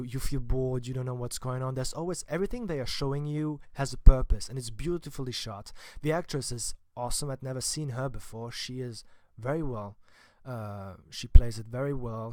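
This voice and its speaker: A man's voice: medium pitch, moderate pace, few pauses, dark tone, no echo, clean studio sound. A man giving a casual spoken film review, chatty and informal with wry asides. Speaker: film vlogger.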